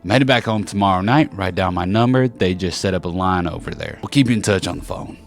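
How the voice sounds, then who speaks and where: A man with a low voice plays through a game and reads its characters out loud. He goofs around and cracks jokes between lines. Faint music sits under him. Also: fast talker, gravelly. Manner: goofy, swears and jokes between read lines. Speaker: gaming streamer. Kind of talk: playing a game and reading its characters aloud.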